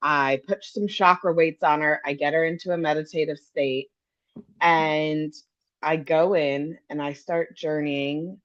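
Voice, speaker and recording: A woman co-host calmly recounting a healing session in a matter-of-fact way. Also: low-pitched, a little slow. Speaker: podcast co-host, shamanic practitioner. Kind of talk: casual storytelling chat. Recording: dull lo-fi sound.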